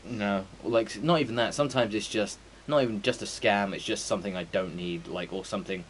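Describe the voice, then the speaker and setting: A man's voice: lowish voice, brisk, husky, rough recording. A man, streaming a game and chatting casually in a rambling, sweary way full of fillers. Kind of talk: casual chat before a stream.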